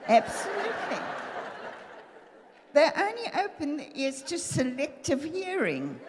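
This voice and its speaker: A woman's voice: high-pitched, big-room sound, a little hiss or hum. An older woman preaching a sermon with humor, acting out the voices of husbands and wives as she talks about marriage. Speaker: pastor's wife preaching. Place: church hall.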